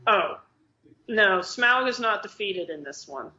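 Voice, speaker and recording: A woman co-hosting a casual podcast chat, excitable and quick to swear, often restarting her sentences. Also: mid-range voice. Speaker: podcast co-host. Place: living in Australia. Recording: slightly dull lo-fi podcast audio.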